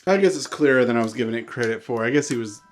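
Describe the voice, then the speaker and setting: A man co-hosting a casual chat, easygoing, giving shout-outs and thanks. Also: medium pitch, animated, rapid-fire, soft background music. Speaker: co-host.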